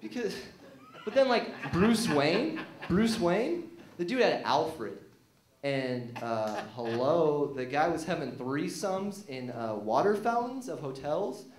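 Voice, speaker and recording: A man's voice: fairly high pitch, lively intonation, slow, reverberant. A young man doing a rambling, self-deprecating stand-up set on a small theater stage, full of fillers and restarts. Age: young adult. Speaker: stand-up comedian. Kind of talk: stand-up routine.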